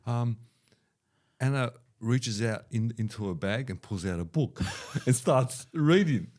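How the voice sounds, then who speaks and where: A man's voice: medium pitch, measured pace. A middle-aged Australian man hosting a podcast, telling funny stories and acting out the quotes with gusto. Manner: animated anecdote teller, acts out quotes loudly. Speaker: podcast host. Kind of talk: casual chat, storytelling.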